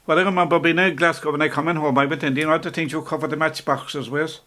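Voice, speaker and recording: An older man with an Irish accent, reminiscing in a relaxed, rambling way, often stopping to restart and chuckling as he talks. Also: on the high side, quick pace, slight background noise. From Ireland. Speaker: interviewee. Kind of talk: casual reminiscing.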